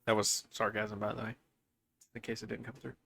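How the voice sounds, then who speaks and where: A man's voice: fairly low pitch, level tone, a little fast, gravelly, bright, forceful tone, slight background noise. A man playing in a tabletop role-playing game, trading sarcastic jokes and thinking aloud. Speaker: player.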